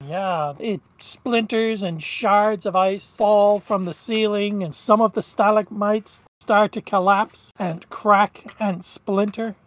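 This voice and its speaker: Woman GM, slow measured narration, dry close sound. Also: medium pitch, fairly even intonation, dry recording. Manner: measured, descriptive narration with laughs. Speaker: game master. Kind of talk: narrating a tabletop game.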